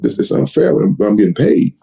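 A man with a medium-pitched, creaky voice talks fairly quickly in a rough recording made in a home office. He's a retired running back giving an interview, animatedly telling stories, repeating words, and acting out old exchanges in a conversational way.

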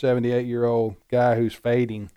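Smooth-voiced man on a political panel. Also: medium pitch, little pitch movement, mellow. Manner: halting, repeats words when starting. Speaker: political commentator. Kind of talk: casual political panel talk.

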